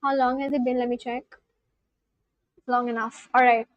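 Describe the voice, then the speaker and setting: Young woman streamer, high voice, unhurried, dry close mic, casual chat with viewers. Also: level tone, no room sound, muffled recording. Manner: chatty, thinks aloud, sounds out foreign words slowly. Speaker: language-learning livestreamer.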